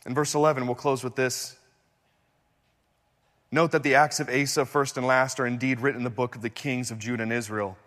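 Male pastor delivering a sermon, animated storyteller, shifts from loud to hushed, mid-pitched voice, long hall reverb. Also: brisk.

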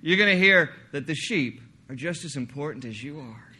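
Guy preaching, bright kinda high voice, jokey and animated, does silly voices. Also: moderate pace, slight background noise. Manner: animated, joking, mock voices for emphasis. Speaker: pastor. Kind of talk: sermon.

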